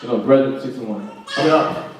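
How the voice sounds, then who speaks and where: A man's voice: mid-range voice, fairly quick, over a noisy crowd. A man teaching a Bible class, explaining verses in a casual preaching manner with slang. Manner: conversational preaching with slang and acted-out quotes. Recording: echoey room, distant mic.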